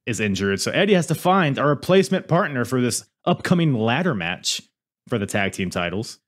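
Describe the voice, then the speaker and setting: A man's voice: medium pitch, sing-song, brisk. A man co-hosting a wrestling podcast, recapping matches in casual chat and laughing often. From Asian heritage. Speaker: podcast co-host.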